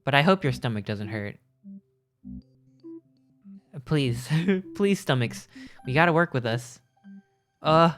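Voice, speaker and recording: A man's voice: mid-range voice, expressive, slow, long pauses, fairly bright tone, soft background music. A man streaming, chatting casually with his live chat in a rambling, joking way, often stopping mid-sentence to restart. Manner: rambling, jokey, self-interrupting.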